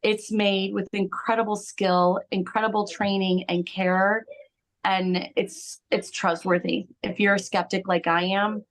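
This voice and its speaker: A woman giving an earnest, halting spoken testimonial about a ceremony, with many restarts. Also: medium pitch, flat delivery.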